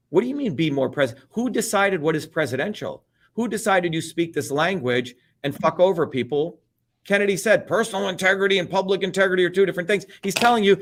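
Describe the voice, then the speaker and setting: A man's voice: high-pitched, animated, a little fast. Fiery profane man ranting hard. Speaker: political candidate guest. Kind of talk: heated profane rant.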